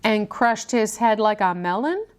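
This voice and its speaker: A woman's voice: mid-range voice, lively intonation, measured pace, clean tone, lightly acted. A woman voicing a nervous older woman who speaks in a quavering, near-hysterical voice. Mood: panicky.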